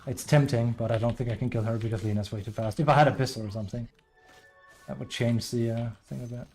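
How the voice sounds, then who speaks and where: A man's voice: medium pitch, steady tone, fast, a little mellow, soft background music. A man streaming a team game and commenting as he plays, often venting about a teammate and sometimes trailing off under his breath. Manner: frustrated, complaining about a teammate. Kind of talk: live gameplay commentary.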